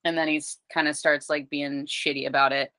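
A woman's voice: deep voice, level tone, moderate pace, pushed and bright, no echo. A young adult woman chatting candidly on a podcast, swearing freely and leaning on "like". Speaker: podcast guest or co-host. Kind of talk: casual chat.

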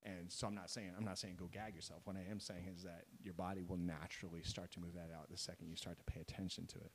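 A man's voice: deep voice, level tone, fast talker, slight background noise, low-quality recording. A man speaking as a coaching guest in a podcast conversation, earnest and explanatory, often checking in with his listeners. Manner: earnest, keeps checking in with "right?" and "you know?". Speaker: guest, mental coach for athletes.

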